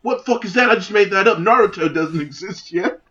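A man's voice: medium pitch, racing, voice pushed down, lightly acted. A man doing an over-the-top, badly faked British accent as a rowdy, swearing pub bloke. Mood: outraged. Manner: profane, exaggerated, self-admittedly terrible British accent. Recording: lo-fi, dull sound.

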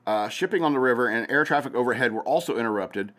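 A man hosts a casual news commentary show, reading headlines hesitantly with many fillers and restarts and breaking into sarcastic asides. His medium-pitched, fairly bright voice is expressive and fast.

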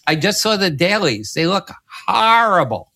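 Curt, foul-mouthed woman editor, pitched high and sharp, as a male storyteller puts her on. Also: big pitch swings, normal speed, exaggerated voice. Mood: scolding. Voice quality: curt and profane. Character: brusque blunt woman film editor, scolding.

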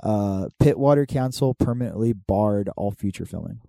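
A man's voice: on the low side, moderate pace, gravelly, hardly any pauses, warm tone, no room sound. A young man co-hosting a podcast in casual, laid-back chat, swearing freely and reading aloud from notes. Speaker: podcast co-host.

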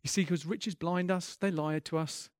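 A man's voice: fairly high pitch, steady tone, moderate pace, no room sound. A man preaching a sermon as a pastor, earnest and impassioned, often restarting his sentences and building in intensity.

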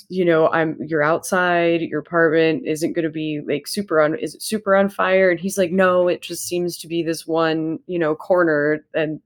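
A woman podcast host telling a story in casual chat, acting out quotes and laughing often. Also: sits low.

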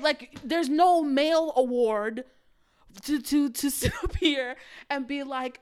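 A woman's voice: high voice, lively intonation, a little slow, a little mellow. A woman hosting a podcast, ranting bluntly and profanely in a casual monologue and mocking the people she quotes. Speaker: podcast host.

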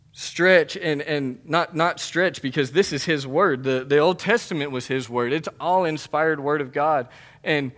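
A man's voice: on the high side, fairly bright tone. Man preaching an earnest sermon. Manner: conversational, earnest preaching with frequent restarts and emphatic repetition. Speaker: pastor.

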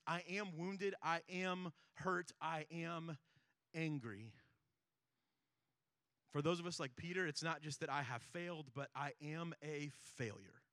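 Pastor, male, bright and tense delivery, emphatic and earnest, dry studio sound. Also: a little high, no room sound. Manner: earnest, emphatic preaching with rhetorical questions. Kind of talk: sermon.

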